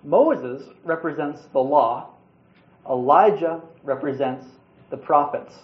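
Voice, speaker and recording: A man delivers a sermon in an earnest, conversational way, stumbling and restarting his words now and then. His voice sits a little high for a man. The sound is roomy and somewhat muffled, as if recorded at the back of a large space. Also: takes it slowly. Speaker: preacher. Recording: roomy, slightly dull sound.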